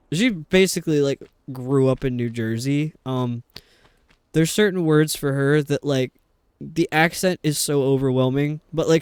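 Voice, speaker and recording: Chatty New York man, bright and clear. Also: fairly high pitch, no room sound. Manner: rambling, chatty. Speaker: streamer. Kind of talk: casual chat while gaming.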